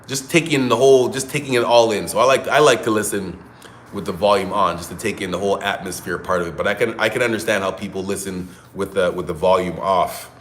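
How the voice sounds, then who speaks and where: A man's voice: sits low, fairly even intonation, fast, slight background noise. A man hosting casual solo boxing commentary, talking in a conversational, opinionated way and thinking aloud. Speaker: boxing commentator, show host.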